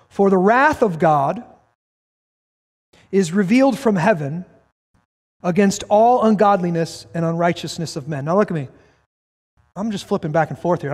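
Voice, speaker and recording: A man delivers a sermon as pastor, reading scripture aloud and driving his points home with emphatic bursts. His voice sits high for a man. It rings out with a long reverb, as if in a large worship hall. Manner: emphatic, rises to shouts, reads scripture aloud.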